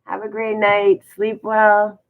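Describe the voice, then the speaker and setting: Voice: mid-range voice, monotone, slow. Livestream host, motivational, encouraging and repetitive, thin phone-quality audio. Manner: encouraging, repetitive, full of rhetorical questions.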